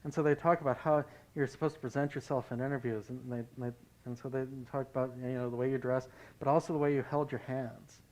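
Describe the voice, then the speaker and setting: A pastor leading a Bible study, talking in a conversational way and telling anecdotes. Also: male voice, mid-range voice, steady tone, fast talker, a little mellow, poor audio.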